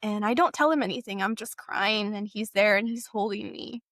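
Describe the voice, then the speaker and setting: A young woman sharing a painful personal story, halting and emotional, with frequent fillers. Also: mid-range voice, fairly bright tone, dry recording, studio quality. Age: young adult.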